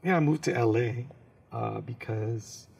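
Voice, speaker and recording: A man from San Francisco, a comedian, telling comic stories as an interview guest in an animated, joking way. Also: medium pitch, a little slow, creaky. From San Francisco, USA. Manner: animated, jokes and slips into impressions.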